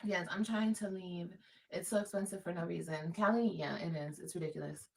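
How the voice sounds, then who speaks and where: A woman's voice: on the low side, fairly quick, vocal fry, far from the mic, poor audio. A woman from Los Angeles chatting casually on a livestream, emphatic and repeating her points. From Los Angeles, California.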